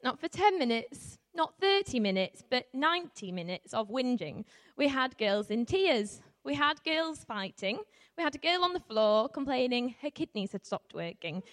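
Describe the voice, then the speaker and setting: Young woman, high voice, from Yorkshire, chatty storyteller, laughs a lot, long hall reverb. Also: a bit bright. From Yorkshire, England. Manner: chatty, self-deprecating, laughs often, frequent ums. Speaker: youth worker telling a personal story. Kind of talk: live storytelling to an audience. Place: hall with a live audience.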